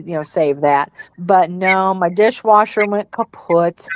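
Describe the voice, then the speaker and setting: A woman's voice: fairly low pitch, a little slow, no echo, rough recording. A middle-aged woman hosting a casual chat, blunt and profane as she rants. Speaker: host.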